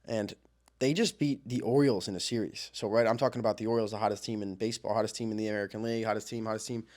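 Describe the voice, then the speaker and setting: A young man hosting a sports podcast, talking casually and excitedly about baseball, rambling and repeating phrases as he goes. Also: fairly low pitch, rapid-fire.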